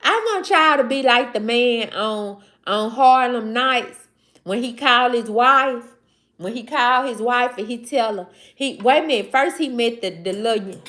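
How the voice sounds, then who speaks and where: This livestream host, a woman from Mississippi with a Southern accent, talks straight to her chat casually, using slang and repeating herself. Her voice is on the higher side and a little bright.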